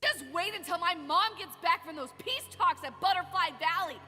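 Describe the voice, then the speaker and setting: A woman voicing a flippant, bratty young princess in an animated series. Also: very high voice, moderate pace, big-room sound, faint music behind, exaggerated voice. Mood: sassy. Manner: sassy, flippant.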